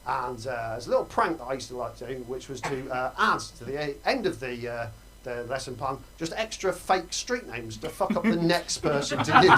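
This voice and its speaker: A young man doing a stand-up comedy set on a club stage, quick and self-mocking, breaking into loud put-on voices. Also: mid-range voice, expressive, slight background noise. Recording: live room with audience laughter. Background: audience laughing.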